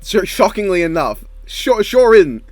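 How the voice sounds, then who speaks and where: Co-host, male, casual banter, jokey, wide-ranging pitch, dry sound. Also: no echo. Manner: animated, laughing, quick jokey asides. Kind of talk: casual podcast chat.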